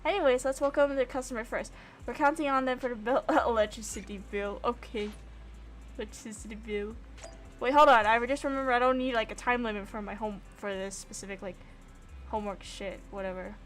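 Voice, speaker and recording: A young woman streaming a game, giving casual commentary in an excitable, gushing manner and swearing freely. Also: a little high, brisk.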